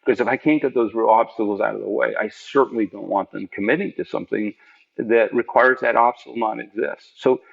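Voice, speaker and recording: A middle-aged man, a podcast guest, telling stories about his work in a lively, emphatic way, often tagging on "right?". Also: mid-range voice, brisk, vocal fry, dull audio. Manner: animated, emphatic, many "right?" asides. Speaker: podcast guest, product leader. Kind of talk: conversational storytelling.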